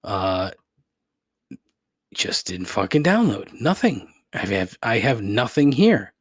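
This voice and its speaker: A man's voice: on the low side, big pitch swings, takes it slowly, no echo, clean studio sound. A man hosting his own podcast, ranting in frustration and laughing at himself as he swears a lot. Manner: frustrated, swearing, self-deprecating with rueful laughs. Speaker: podcast host. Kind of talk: solo podcast rant.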